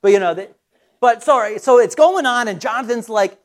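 A middle-aged man preaching a sermon in a lively, conversational way, telling a personal story with quick restarts. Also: extremely high pitch. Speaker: pastor.

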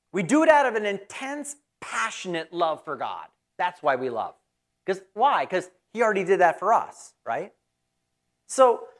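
A pastor giving a conversational, folksy sermon in church. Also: mid-range voice.

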